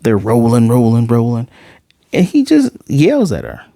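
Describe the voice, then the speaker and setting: A man's voice: medium pitch, wildly swooping pitch, measured pace, vocal fry, warm tone, no room sound, clean studio sound. A man reviewing an anime episode in a casual, rambling, blunt way.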